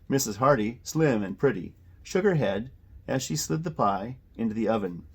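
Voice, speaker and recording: A man reading a children's mystery novel aloud, expressive, with occasional self-corrections. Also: medium pitch, normal speed, husky. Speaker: audiobook reader.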